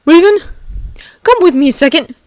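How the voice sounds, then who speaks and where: A fan reader voicing a panicked young male hero, high and near tears. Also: expressive, moderate pace, darkish tone, dry recording, poor audio. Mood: urgent.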